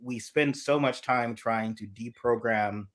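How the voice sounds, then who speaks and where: A man co-hosting a political live chat, animated and chatty. He slips into quoted voices and laughs through his own stories. His voice sits at an ordinary middle pitch. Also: a little slow. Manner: animated storyteller, acts out quoted voices, laughs mid-sentence.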